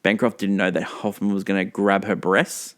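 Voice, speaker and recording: Male co-host, low voice, chatty and rambling, full of "like" and "yeah". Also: flat delivery, moderate pace. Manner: rambling retelling, filler-heavy. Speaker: podcast co-host. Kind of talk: casual film chat.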